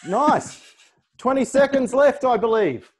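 A man hosting a livestream word game, energetic and often laughing as he counts down. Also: very high voice, a little slow, husky. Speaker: livestream host.

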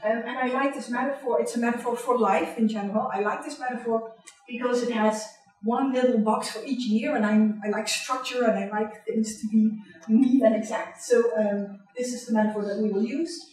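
A middle-aged woman with a Dutch accent, giving a candid, personal university lecture in a large hall, often pausing on "um" and checking in with "right?". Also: fairly high pitch, steady tone, darkish tone. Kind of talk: public lecture. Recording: echoey hall, distant mic.

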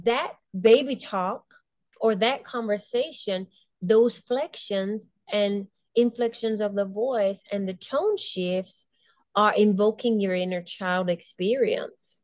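A woman's voice: medium pitch, takes it slowly, a little mellow, no echo. Enthusiastic woman guest on a dull, dry line. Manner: enthusiastic, laughs often, trails off and restarts. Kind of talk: casual interview talk.

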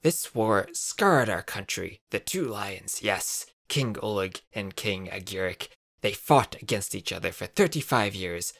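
A man voicing a hoarse, brooding old hut owner who speaks slowly and grows loud and insistent. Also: lowish voice, animated, dry recording, exaggerated voice. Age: older. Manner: slow, grows loud and urgent.

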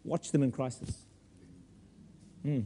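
A man preaching a sermon as pastor in a church, animated with humorous asides. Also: mid-range voice, slow, gravelly, long reverb tail.

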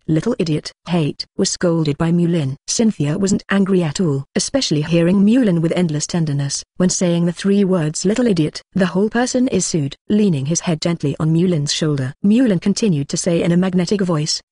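This is a text-to-speech voice narrating an audiobook of a translated web novel. It reads narration and dialogue alike in one flat, even tone. The recording is dry and close, with no room around it. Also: mid-range voice, normal speed, few pauses, dry recording.

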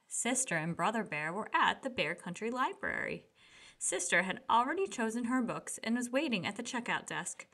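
Woman, children's book read-aloud, gentle, expressive, lively pitch. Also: normal speed.

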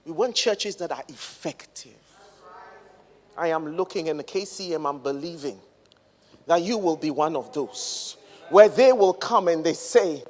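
A woman's voice: sits low, expressive, measured pace, darkish tone. A woman reverend preaching a sermon with emphatic, repetitive phrases that build in cadence. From England. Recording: long reverb of a large hall.

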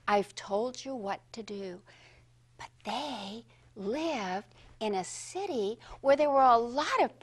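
A woman gives a children's Bible lesson in a high, bouncing, sing-song voice. She takes her time, pausing over each phrase as she leads the children in call-and-response. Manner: slow, sing-song, highly expressive storytelling.

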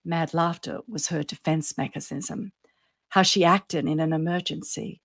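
A woman, an author reading her own fiction aloud, telling it with suspense and letting phrases fall softly at the end. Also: deep voice, fairly even intonation, measured pace, creaky, husky. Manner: storytelling, drops softly on ends of phrases, lifts on suspense.

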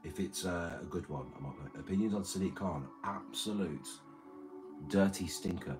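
Over loud background music picked up by his streaming mic, a British man with a low voice answers viewers' chat messages. He speaks at a moderate pace, drifting into mumbled, crude rambling.

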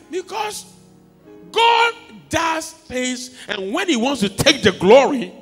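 A man preaching a sermon as a pastor, telling stories and swinging from quiet asides to shouts. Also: extremely high pitch, wildly swooping pitch, slow, creaky. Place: church hall. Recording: long hall reverb with faint music.

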